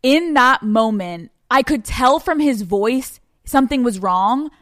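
A woman hosting a podcast, telling a personal story in a dramatic, profane way with quick bursts of speech. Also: on the high side, expressive, fairly bright tone, no room sound, clean studio sound. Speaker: podcast host. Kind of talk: storytelling monologue.

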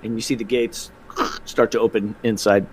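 A man's voice: fairly low pitch, flat delivery, moderate pace, breathy edge. A man running a tabletop game as game master, narrating in a loose, rambling way with fillers.

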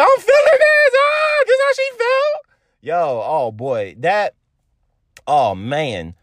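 A man in his thirties talking to his phone from a parked car, in a rambling, excited monologue full of restarts. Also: fairly high pitch, no echo, studio quality. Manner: animated, rambling, stammering restarts. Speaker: vlogger reacting to an album. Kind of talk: casual emotional monologue.

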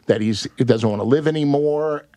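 Profane, animated man telling a story. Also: mid-range voice, brisk. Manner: animated, profane, rambling with restarts. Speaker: guest actor. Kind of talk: casual podcast storytelling.

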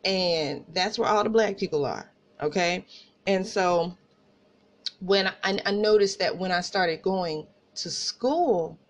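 A woman podcast host from Tulsa with an Oklahoma country accent, telling personal stories in a casual, animated way and talking straight to listeners. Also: fairly low pitch, slow pace. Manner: animated, laughing asides, addresses listeners as y'all.

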